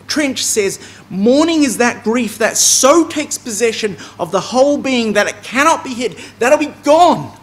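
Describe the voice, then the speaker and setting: A man giving a bible class talk in an emphatic, lively way, with asides and restarts. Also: extremely high pitch, a little slow. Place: meeting hall.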